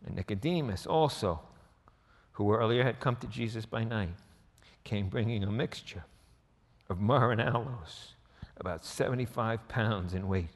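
A man preaching a sermon in a relaxed, conversational way, acting out quoted lines with sarcastic voices. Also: fairly low pitch, measured pace, big-room sound. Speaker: pastor.

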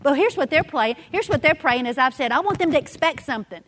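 A woman's voice: sits high, fast talker, a little hiss or hum. A woman, a women's ministry speaker, giving a sermon in a meeting room and telling stories while acting out the dialogue. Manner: animated storyteller, acts out dialogue. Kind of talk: sermon with personal storytelling. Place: indoor meeting room with audience.

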